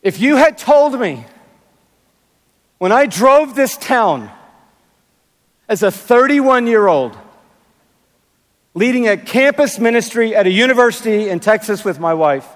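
Older man preaching slowly in an arena. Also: extremely high pitch, sing-song. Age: 60s. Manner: emphatic, drawn-out phrasing with playful asides. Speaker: pastor. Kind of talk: sermon. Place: large arena. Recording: long arena reverb.

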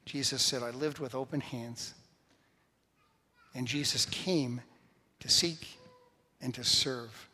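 A man's voice: mid-range voice, fairly even intonation, slow, long pauses, bright, forceful tone, husky. A man preaching a sermon as pastor in a church, stressing points by repeating key phrases. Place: church sanctuary. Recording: long reverb of a large hall.

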